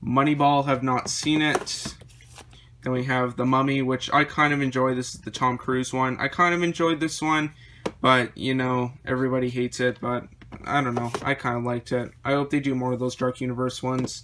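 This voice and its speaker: A man vlogging about his movie collection, rambling through titles with quick opinions, his voice a little worn. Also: medium pitch, little pitch movement, fairly bright tone, slight background noise. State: slightly losing his voice. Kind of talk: casual chat showing a collection.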